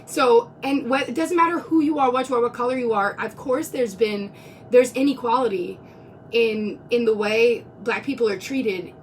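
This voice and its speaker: A woman's voice: fairly high pitch, moderate pace, slight background noise. Woman, close to tears, earnest and rambling, live-stream talk, a bit distant from the phone mic. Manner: earnest, rambling, many restarts. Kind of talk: emotional live-stream monologue.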